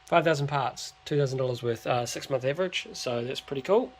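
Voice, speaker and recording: A man's voice: medium pitch, fairly quick. A man from New chatting in a laid-back, slightly hesitant way on a shop vlog. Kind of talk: casual chat. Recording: faint background noise.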